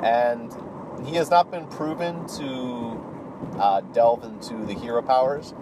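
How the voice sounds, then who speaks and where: A man's voice: medium pitch, measured pace, noisy background. A man casually recapping a role-play campaign as a channel host, talking offhand with many fillers and restarts.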